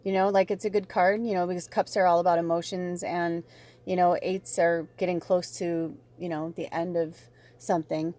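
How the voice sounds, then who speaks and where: A woman's voice: on the low side, flat delivery, moderate pace, darkish tone. A woman casually talking through a spiritual tarot reading to her viewers, rambling and bubbly in manner. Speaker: tarot reader.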